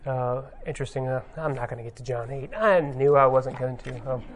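A man's voice: mid-range voice, fairly quick. A man giving an informal sermon, talking conversationally with many ums and uhs as he retells a scene. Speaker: pastor.

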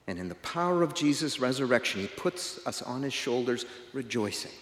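A man preaching a sermon, swinging from loud emphasis to quiet, hushed endings. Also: mid-range voice, fairly quick, few pauses, a little hiss or hum. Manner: animated, rising for emphasis, dropping to quiet at ends. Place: large church. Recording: echoey church reverb.

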